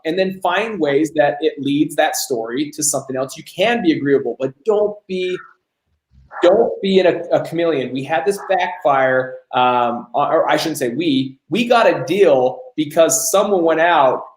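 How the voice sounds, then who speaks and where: A man's voice: on the high side, normal speed, roomy sound, low-quality recording. A man hosting a live Q&A on business coaching, telling stories and acting out the dialogue. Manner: animated storyteller, acts out quoted dialogue. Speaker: host.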